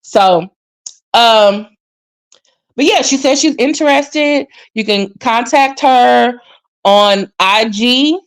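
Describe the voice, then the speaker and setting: A woman hosting a casual gossip commentary vlog, animated and sassy. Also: takes it slowly, clean tone. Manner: animated, sassy, mimics others, jumps pitch often. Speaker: commentary channel host.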